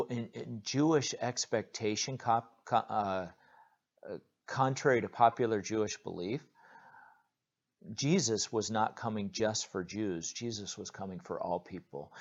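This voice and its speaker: A pastor with a fairly low voice delivers a sermon in an earnest, direct manner, pausing on fillers and repeating words as he goes. The recording is dull and lo-fi, with its top end muffled.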